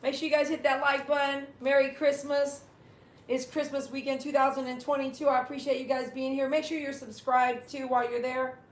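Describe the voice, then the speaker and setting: A woman's voice: high voice, level tone, fairly quick. Chatty woman streaming from an echoey room. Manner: chatty, talks to her dogs and reads viewer comments aloud. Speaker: dog groomer and livestream host. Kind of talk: casual livestream chat. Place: at home with her dogs.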